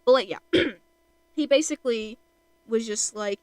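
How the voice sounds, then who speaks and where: A woman's voice: on the high side, measured pace, no room sound, rough recording. Chatty woman rambling on stream. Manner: rambling, filler-heavy. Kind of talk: casual chat while drawing on stream.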